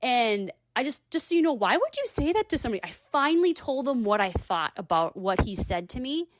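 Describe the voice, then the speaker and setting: A woman's voice: on the high side, very animated, brisk, no echo, clean studio sound. A woman in her thirties telling a personal story and giving earnest, encouraging advice. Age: 30s.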